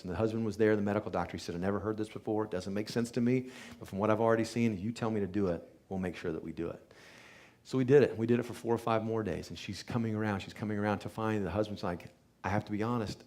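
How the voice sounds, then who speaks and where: A man's voice: lowish voice, fairly even intonation, rapid-fire, darkish tone. A man, a chiropractor, earnestly telling a patient's healing story to a live audience and acting out what people said. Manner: earnest testimonial storytelling, acts out quoted speech.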